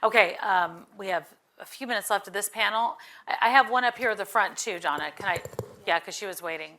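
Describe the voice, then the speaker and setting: A woman moderates a live panel with a bright, forceful voice. She keeps things moving briskly and organizes the turns. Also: mid-range voice.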